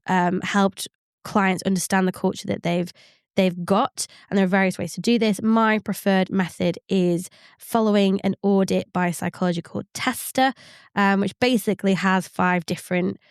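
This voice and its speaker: A woman co-hosting a podcast explains workplace psychology at a steady, measured pace, with plenty of ums along the way. Her voice is smooth and clear. The sound is dry and close to the mic. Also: mid-range voice, dry recording. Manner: measured, explanatory, with frequent fillers. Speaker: psychologist co-host. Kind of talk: podcast advice chat.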